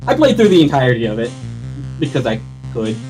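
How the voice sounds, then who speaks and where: A man's voice: mid-range voice, very animated, fast, a little mellow, poor audio. A man co-commentating a game race casually, explaining how the game works. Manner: explanatory, chuckling asides. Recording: faint game music behind.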